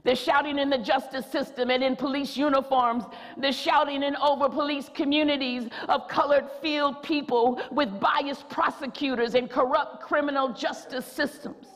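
A woman preacher delivering a rousing sermon in a church, repeating phrases and rising to shouts. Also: high voice, fairly even intonation, normal speed, few pauses, in a large hall. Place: church sanctuary.

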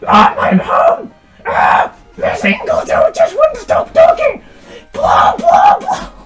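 A man playing a tiny, excitable mushroom man in a playful game stream voice, shrill and yelling. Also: slow pace, roomy sound, over loud music, a loud crowd, exaggerated voice. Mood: frantic. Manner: shrill, shouting. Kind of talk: playful let's-play voice acting.

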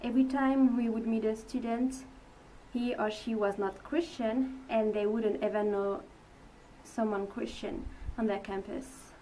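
A young woman from France speaks English with a French accent, sharing an earnest report as a mission team leader. She talks slowly and stumbles through fillers. The mic sits some way off, with faint noise behind her. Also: fairly high pitch, fairly even intonation, mellow, distant mic, low-quality recording. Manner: hesitant, many fillers, earnest. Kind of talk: testimony to supporters.

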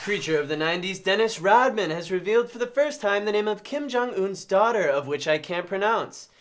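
A man's voice: high-pitched, animated, fairly quick, faint music behind. A young man co-anchoring an amateur spoof news show, delivering crude headlines dryly. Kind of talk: parody news reading.

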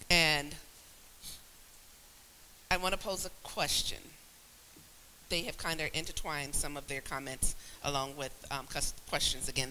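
A man moderating a conference panel, steering the talk along in a measured way. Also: medium pitch, sharp tone, slight background noise, low-quality recording.

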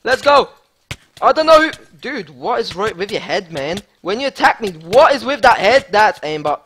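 A man giving excitable live gameplay commentary as a gaming YouTuber, hyped and repeating himself. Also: high voice, moderate pace, a little hiss or hum.

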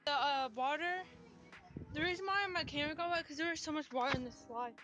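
High-voiced excitable girl vlogger. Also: very fast, highs cut off, music in the background. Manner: excitable, chatty. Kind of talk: casual vlog chat. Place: outdoor park playground. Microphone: handheld camera's built-in mic.

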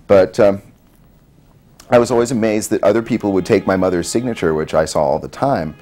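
A man's voice: fairly low pitch, brisk, warm tone. A middle-aged man in an interview, telling stories about his mother in a rambling, hesitant way. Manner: rambling, hesitant, with many ums. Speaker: son of an actress, interviewee. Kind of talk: casual storytelling interview.

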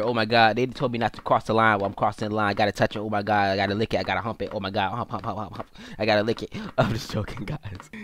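In this gaming video, a male host gives joking, playful let's-play commentary, now and then breaking into high-pitched, excited squeals.

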